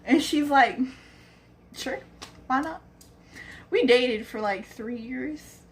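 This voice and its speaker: Speaking slowly in a high voice, a young vlogger rambles through a personal story. She acts out what others said in this casual piece of storytelling.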